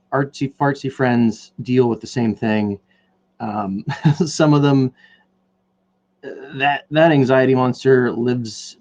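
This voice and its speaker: A man hosting his own podcast talks loosely while he paints, wandering from thought to thought and poking fun at himself. His voice sits at an ordinary middle pitch. The recording is slightly muffled and lo-fi. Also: a little mellow. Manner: rambling, jokey, self-deprecating. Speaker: podcast host. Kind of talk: casual rambling chat while painting on a stream.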